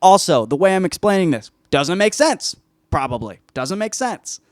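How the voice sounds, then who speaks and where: A man's voice: sits high, sing-song, normal speed, no room sound, clean studio sound. A man hosting a podcast, reviewing a film in casual, rambling chat full of swearing and restarts. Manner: rambling, profane, self-interrupting. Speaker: podcast host.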